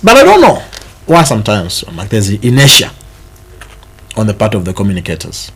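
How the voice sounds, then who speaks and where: A man's voice: fairly low pitch, normal speed, slightly rough, poor audio. A Zambian man with a Zambian English accent, hosting a morning TV show, chatting casually over the newspapers and dropping in local words and jokes. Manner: animated, mixes in local words, jokes and laughs often. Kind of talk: casual chat reviewing newspapers. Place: TV studio.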